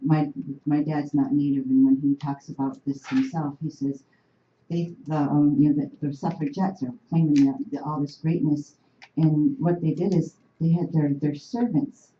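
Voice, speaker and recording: A woman from the Oneida Nation, telling an animated, emphatic story to an audience in a university room. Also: low-pitched, normal speed, a little hiss or hum. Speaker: panel speaker. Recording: roomy, dull room recording.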